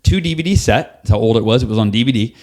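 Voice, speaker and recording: A man as a podcast guest, telling a personal story in an animated way, acting out what people said and swearing casually. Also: mid-range voice, quick pace. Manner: animated, acts out quoted dialogue, casual swearing. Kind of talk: storytelling in a conversational interview.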